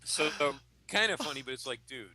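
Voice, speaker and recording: A man's voice: medium pitch, a little fast, no echo. A man hosting a podcast, casually chatting and acting out comic book characters' lines as he tells stories. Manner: animated storyteller, acts out comic characters' quotes. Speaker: podcast host. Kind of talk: casual chat.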